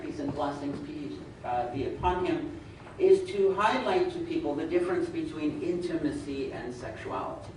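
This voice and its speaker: Guy giving a religious talk, measured and point by point, way off mic in a big echoey hall w faint hiss. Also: fairly high pitch, distant mic. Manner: measured, enumerating points, reciting Arabic scripture. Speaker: religious lecturer. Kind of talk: religious lecture.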